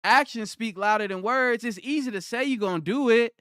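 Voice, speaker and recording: Combative high-voiced man streaming live. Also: brisk, fairly bright tone, clean tone, dry recording, clean studio sound. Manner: combative, mocking, repeats his points. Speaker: livestreamer. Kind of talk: livestream rant answering chat.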